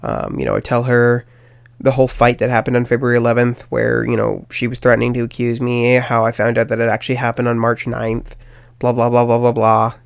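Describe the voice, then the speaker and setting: A young podcast host with a creaky, medium-pitched voice tells a self-deprecating personal story at a brisk clip, full of fillers and tangents. The recording is dry, with clean studio sound.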